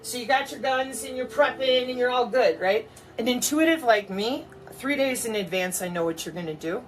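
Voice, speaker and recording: A woman's voice: fairly high pitch, moderate pace, a little hiss or hum. A woman in a mocking, profane monologue to camera, full of sarcasm. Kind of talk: ranting monologue.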